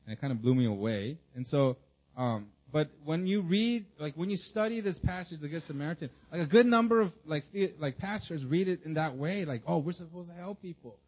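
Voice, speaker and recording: A man's voice: fairly high pitch, expressive, fairly quick, a little mellow. Chatty male pastor, lo-fi recording. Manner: filler-heavy, conversational, asks "right?" often. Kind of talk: casual sermon. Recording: dull lo-fi sound.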